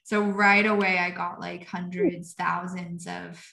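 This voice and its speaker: A woman's voice: on the low side, a little slow, gravelly. Fiery, outspoken woman in a roomy space. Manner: fiery, expressive, swears freely, fillers of like. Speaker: guest, coach. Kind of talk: candid conversational interview. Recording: roomy echo.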